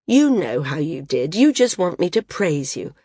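A woman voicing an earnest young woman flyer who talks in a steady, gently scolding way. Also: mid-range voice, moderate pace, dry recording, clean studio sound, close to an everyday voice.

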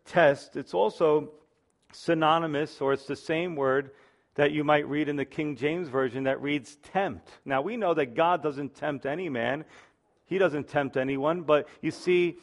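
A middle-aged man preaching a sermon, teaching verse by verse in an emphatic, earnest way. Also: fairly high pitch. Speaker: pastor.

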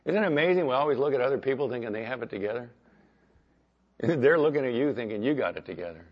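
A man preaching as pastor, talking conversationally and swinging between loud emphasis and quiet asides. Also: medium pitch, animated, fast talker, muffled recording. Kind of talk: sermon.

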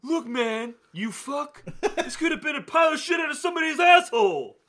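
A man imitating a dim-witted, loudmouthed male gang leader with a vacant, dumb-sounding voice. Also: extremely high pitch, expressive, brisk, pitched above the performer's own voice, heavily acted. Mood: mocking shout. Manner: shouting through laughter.

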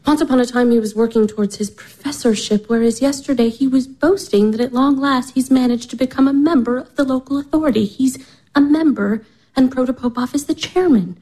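A young woman in her twenties, worn down by dull office work and sliding into despair, in a radio play. Her voice sits a little high and turns anguished, cracking into sobs and faint whispers. She is weary and close to tears throughout. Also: a little fast, warm tone. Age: 20s. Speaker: stage actress in a radio drama.

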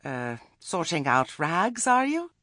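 A man's voice: a little high, very animated, slow, pushed and bright, no room sound, clean studio sound, pitched above the performer's own voice, full character voice. A man voicing a chatty, anxious elderly village witch who talks in a nervous, hesitant, homely way. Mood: uneasy.

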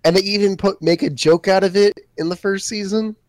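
A man's voice: high voice, fairly even intonation, fairly quick, darkish tone, no echo. A young man chatting casually with friends, blunt and swearing freely. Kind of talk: casual podcast chat.

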